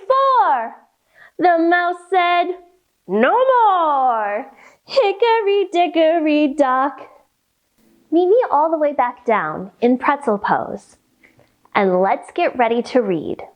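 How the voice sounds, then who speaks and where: In a high, slightly mellow voice, a woman leads children through yoga during storytime, giving her instructions in a playful sing-song.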